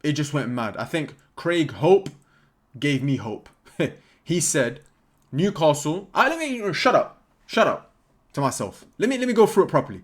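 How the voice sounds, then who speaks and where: A young man, giving an excitable, jokey football vlog and cutting himself off mid-thought. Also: fairly high pitch, moderate pace. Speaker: football content creator.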